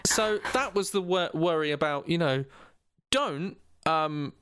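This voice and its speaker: Bright-voiced man telling a story. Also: a little high, measured pace, clear, resonant tone, dry recording. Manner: animated, laughing, acts out quotes in loud voices. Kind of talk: casual storytelling chat.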